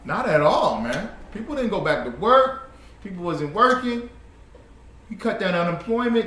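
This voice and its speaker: A man's voice: high-pitched, big pitch swings, moderate pace, sharp tone. A man teaching an informal class, telling stories in an emphatic, repetitive way with casual slang. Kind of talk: informal class talk with storytelling. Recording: echoey room.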